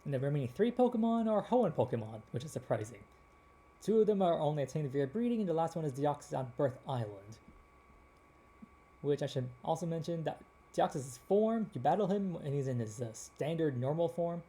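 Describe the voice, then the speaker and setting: A man hosts his gameplay video in a loose, rambling way, restarting his sentences as he goes. His voice is very dark and mellow but sits a little high. By now it has turned slightly hoarse. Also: sing-song, brisk. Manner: rambling, with frequent restarts and fillers. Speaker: gaming channel host.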